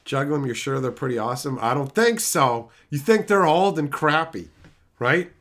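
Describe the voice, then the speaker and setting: Middle-aged man, streamer answering chat, sarcastic rants, loud mocking bursts, bright tense voice. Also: fairly high pitch, lively intonation, moderate pace. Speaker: streamer reading live chat. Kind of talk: casual profane live-stream rant.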